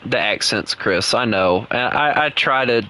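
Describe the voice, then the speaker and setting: A man's voice: medium pitch, lively intonation, measured pace, sharp tone. A young man, chatting casually while streaming a game and rambling through his thoughts with many restarts. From United States. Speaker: gaming streamer. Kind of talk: casual gaming chat.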